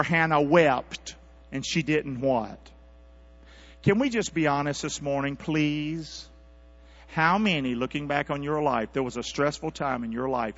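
A man preaching a sermon as pastor, calling out for responses from his congregation and swinging from quiet asides to loud, high-pitched exhortation. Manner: calls for congregation responses, animated rising delivery. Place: church sanctuary. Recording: dull lo-fi church recording with mains hum.

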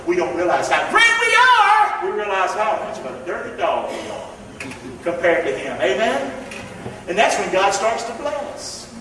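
A man preaching a sermon to a congregation, emphatic, calling out to the room and swinging between loud and soft. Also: sits high, slight background noise. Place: church. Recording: echoey church hall from far off, faint ambience.

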